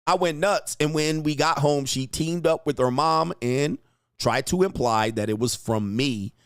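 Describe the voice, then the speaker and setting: Casting: brash, loud male stream host, profane, quick to laugh, dry close mic. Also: fairly high pitch, clear, resonant tone, no room sound. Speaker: online talk show host reading chat. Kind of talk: casual live-stream commentary.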